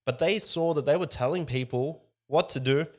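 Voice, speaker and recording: Animated male podcast co-host. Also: on the high side, normal speed. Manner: animated, lively when quoting others. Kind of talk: casual business podcast chat.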